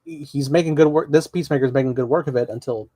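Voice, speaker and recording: A man co-hosting a podcast, recapping a TV episode in relaxed, rambling casual chat with many fillers. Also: on the high side, quick pace, dry recording. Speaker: podcast co-host.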